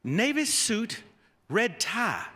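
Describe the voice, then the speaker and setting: A man's voice: high voice, big pitch swings, moderate pace, sharp tone, breathy edge, voice pushed up, full character voice. A man imitating a curt older Southern coach. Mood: stern. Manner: curt, repeating orders. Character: stern older male head coach, Southern drawl. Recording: long reverb of a large hall.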